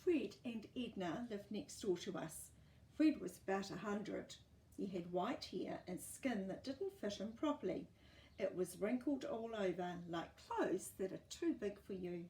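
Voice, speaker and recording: A woman reading a children's picture book aloud, animated and expressive, her pitch swinging up and down. Her tone is mellow and warm, recorded in an echoey room with the mic some distance away. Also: measured pace. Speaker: children's story reader. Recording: roomy, distant mic, faint noise.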